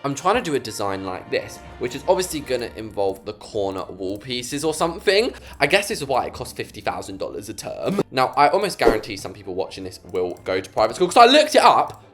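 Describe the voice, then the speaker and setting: A young English man with a very lively, swooping voice, talking through a game build. He is chatty and playfully dramatic, cracking jokes as he goes, with faint music underneath. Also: medium pitch, a little fast, hardly any pauses. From England. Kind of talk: casual gameplay commentary.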